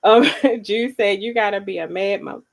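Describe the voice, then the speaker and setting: A woman's voice: medium pitch, moderate pace, creaky. A woman co-hosting a casual talk show, reading viewer comments aloud and laughing often. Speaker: co-host. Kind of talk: casual chat.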